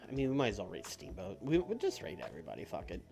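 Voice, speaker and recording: A man's voice: lowish voice, wildly swooping pitch, fast, vocal fry, darkish tone. A man streaming a game, talking casually and offhand, thinking aloud and swearing now and then. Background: faint background music.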